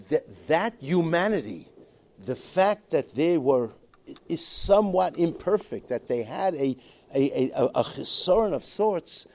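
A man teaching a Torah class in a halting way, restarting his sentences often and mixing Hebrew and Yiddish terms into his English. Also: mid-range voice, a little mellow. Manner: halting, with many repeated restarts. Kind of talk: Torah lecture.

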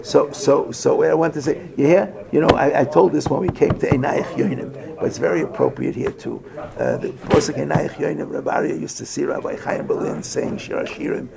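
A man's voice: fairly high pitch, fairly even intonation, brisk, gravelly, very noisy. A man giving a Torah lecture to a group, telling stories and mixing in Hebrew and Yiddish terms. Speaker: rabbi giving a Torah class. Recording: crowd heard behind.

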